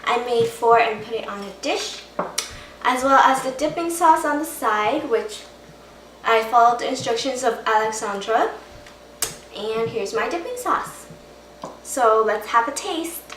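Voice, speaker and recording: A woman's voice: fairly high pitch, expressive, measured pace, fairly bright tone, reverberant, far from the mic, slight background noise, poor audio. A woman chatting casually in a home cooking vlog, enthusiastic as she cooks and tastes her food. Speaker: home cook vlogger. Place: home kitchen.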